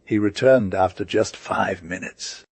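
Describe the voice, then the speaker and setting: Low-voiced male audiobook narrator. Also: measured pace, slightly rough, no echo.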